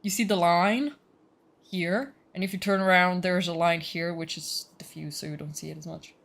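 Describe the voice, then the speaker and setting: Brief: female streamer, casual live chat, slightly low voice, talkative and swears a lot. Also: normal speed, gravelly, slight background noise. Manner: chatty, swears freely, reacts loudly.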